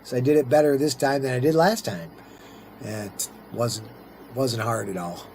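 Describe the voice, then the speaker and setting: A man's voice: medium pitch, expressive, moderate pace, darkish tone, a little hiss or hum. A middle-aged man casually commenting on his own strategy gameplay, rambling and talking to himself as he plays. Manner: rambling, chatty, talks to himself while playing. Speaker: let's-play host.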